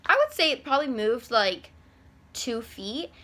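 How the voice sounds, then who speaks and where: A young woman tells a story to her camera in a loose, rambling way, sprinkling "like" through nearly every sentence. Her voice is bright and sits a little high. The delivery is casual and conversational. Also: sing-song, a little slow. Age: young adult. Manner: chatty, rambling, filler-heavy with frequent "like". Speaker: vlogger.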